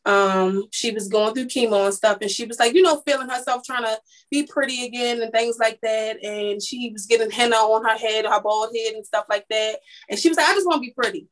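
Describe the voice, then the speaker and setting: Candid young woman, high voice. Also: steady tone, normal speed, poor audio. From East Baltimore, Maryland. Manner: candid, rambling, many restarts. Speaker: guest, makeup artist. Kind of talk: casual interview chat.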